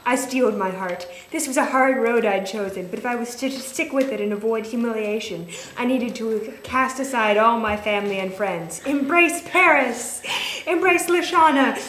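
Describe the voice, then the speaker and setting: A woman's voice: fairly high pitch, moderate pace, few pauses. A woman in a writing group reading her own story aloud, playful and laughing at dramatic lines. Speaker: creative writing group member. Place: room with a small group. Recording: echoey room, faint noise.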